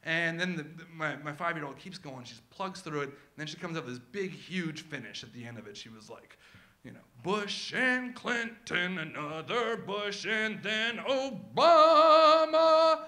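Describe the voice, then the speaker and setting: Male storyteller, 30s, slightly high voice, comic and animated, live first-person storytelling. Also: a little fast. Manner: animated, comic, acts out his kids' voices.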